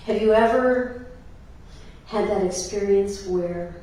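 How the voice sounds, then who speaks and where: Slow-speaking woman minister in echoey church. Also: medium pitch, a little hiss or hum. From Ireland. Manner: warm storytelling with laughs and filler words. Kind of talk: sermon. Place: church sanctuary. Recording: echoey church hall from a distance.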